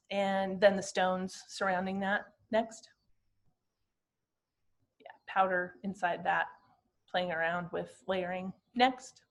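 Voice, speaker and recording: A woman in her fifties speaks at an ordinary middle pitch, talking through slides of her glass art. Her delivery is reflective and halting, with the personal tone of someone explaining what each piece means to her. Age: 50s. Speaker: glass artist presenting her work.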